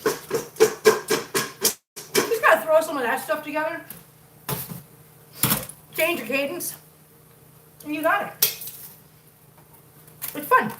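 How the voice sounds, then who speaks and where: A woman's voice: high-pitched, slow, pauses often. Chatty Minnesotan woman in an echoey kitchen. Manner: chatty, laughs often, reads out viewer chat. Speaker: livestream cooking host. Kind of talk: casual livestream chat. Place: home kitchen. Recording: echoey room, distant mic, noisy.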